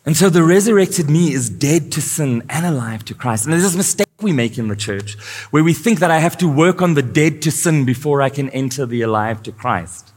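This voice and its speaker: A man's voice: fairly high pitch, lively intonation, brisk. A male pastor preaching a sermon, asking his congregation questions as he goes. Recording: live church sound with long reverb.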